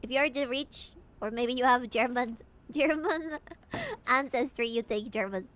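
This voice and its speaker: A fairly bright, highish voice belongs to a young Peruvian VTuber chatting with her stream audience at a measured pace. She's playful and giggly, and her Peruvian Spanish accent comes through clearly.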